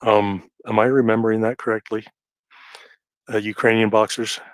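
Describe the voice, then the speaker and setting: A man with a fairly low voice speaks haltingly in a relaxed live audio chat, filling gaps with ums and uhs. The sound is dry and close, with no room around it. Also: dry recording. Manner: hesitant, halting, many fillers.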